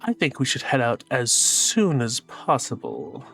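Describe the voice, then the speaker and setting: A man voicing an uptight male high elf who speaks in a clipped, stiff way. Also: huge pitch swings, a little slow, vocal fry, a bit bright, husky, faint music behind, full character voice. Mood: curt.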